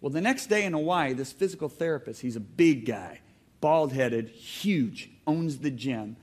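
A man preaching a sermon to a congregation, telling stories in an animated way with loud outbursts and calls for the crowd to answer back. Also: medium pitch, unhurried. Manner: animated storytelling, bursts into loud exclamations. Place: church hall before a congregation.

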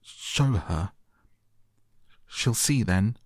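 A man's voice: on the low side, lively intonation, extremely slow, darkish tone, no room sound, studio quality, pitched above the performer's own voice, heavily acted. A man reading aloud, voicing a sickly, hysterical young boy who gasps and sobs. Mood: gasping. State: sobbing, gasping.

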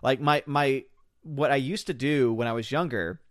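A man's voice: medium pitch, moderate pace, dry recording. Man, casual podcast host, rambling, laughs a lot, dry close sound. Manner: rambling, laughs often, animated quotes. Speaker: podcast host reading chat. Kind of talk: casual chat.

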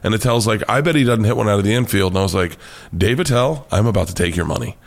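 A male comedian from the United States tells wild stories in a casual interview. He swears freely and gets animated, often breaking into laughter. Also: fairly low pitch, fast talker, vocal fry. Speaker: comedian guest.

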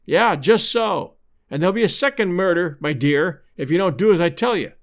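A man voicing a bold adult male adventurer in disguise who speaks slow, mocking threats. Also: high-pitched, lively intonation.

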